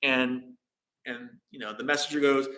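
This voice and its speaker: Brief: casual male meditation teacher, bright voice, roomy echo, rambling storyteller. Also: mid-range voice, little pitch movement, normal speed. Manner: casual, rambling, many fillers. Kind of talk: dharma talk storytelling.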